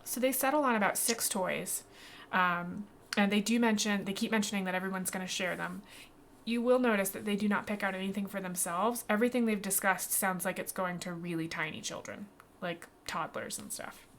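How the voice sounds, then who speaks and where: A woman running a tabletop game as game master, narrating scenes in a lively, animated way. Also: medium pitch, brisk, slight background noise. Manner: lively, animated, voices many characters.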